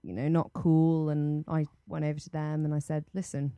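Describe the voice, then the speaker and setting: A woman's voice: low-pitched, monotone, normal speed, dark tone, clear, resonant tone, dry recording. A woman improvising a comedy scene, telling her story playfully and acting out the quotes. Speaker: improv guest.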